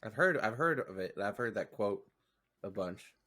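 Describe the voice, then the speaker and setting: A man's voice: fairly low pitch, animated, normal speed, a bit bright. A man co-hosting a podcast in casual chat, rambling and starting over as he talks. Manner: rambling, filler-heavy, self-interrupting. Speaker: podcast co-host.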